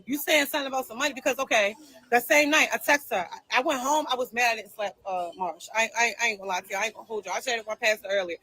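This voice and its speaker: A woman's voice: on the high side, rapid-fire, sharp tone, breathy edge, poor audio. A woman venting on a livestream, telling her side of a falling-out in an emphatic, repetitive and heated way.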